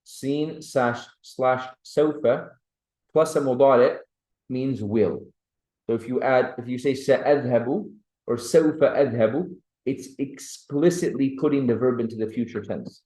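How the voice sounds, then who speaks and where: A man's voice: mid-range voice, moderate pace, warm tone. Patient male teacher in an echoey room. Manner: patient, checks understanding with "right?" and "clear?". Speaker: Arabic teacher. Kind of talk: classroom grammar lesson. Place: classroom.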